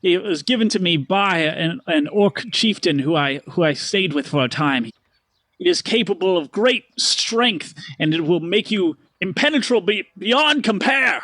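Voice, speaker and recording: A man voicing a boastful showman merchant, with a theatrical sales pitch and drawn-out words, in a tabletop role-play. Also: animated, sharp tone, no room sound, heavily acted.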